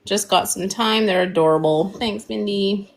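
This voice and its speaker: Husky-voiced woman chatting while painting. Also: mid-range voice, normal speed. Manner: chatty, giggly, easygoing. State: losing her voice from illness. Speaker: co-host of a live painting stream. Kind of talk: casual chat while painting.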